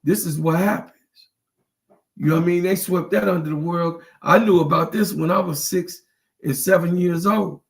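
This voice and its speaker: A man's voice: high-pitched, moderate pace, creaky. A man hosting his own livestream, talking in an impassioned, preachy way, repeating lines for emphasis and near tears. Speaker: channel host.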